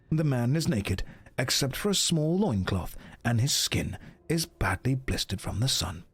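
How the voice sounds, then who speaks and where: A man impersonating an older nature-documentary narrator, reading a gamebook in a low, measured, hushed voice. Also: breathy edge. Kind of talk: gamebook read-aloud.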